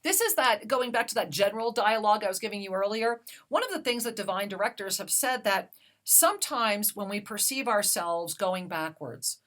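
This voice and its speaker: A woman hosting a spiritual talk radio show, speaking slowly and soothingly as she offers guidance to listeners. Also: mid-range voice, animated, fairly bright tone. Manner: slow, soothing, affirming.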